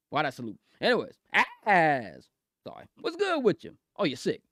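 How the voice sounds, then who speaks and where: A man chatting on his livestream, rambling, laughing and repeating phrases over and over. His voice sits a little high and swings widely in pitch. The sound is close and dry, with no room around it. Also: wildly swooping pitch, normal speed, fairly bright tone, dry recording. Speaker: streamer. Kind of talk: casual livestream chat.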